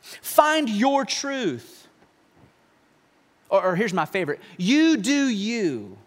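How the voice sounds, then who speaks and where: Male pastor, animated conversational sermon, high lively voice, reverberant sanctuary. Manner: animated, conversational preaching with mocking asides. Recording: long hall reverb.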